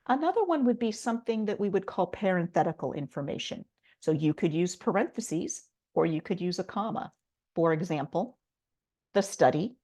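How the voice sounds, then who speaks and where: A middle-aged woman with a slightly low voice walks through a writing lesson. She explains patiently and step by step, with an "um" here and there. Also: darkish tone. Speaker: writing instructor. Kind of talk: recorded online lesson.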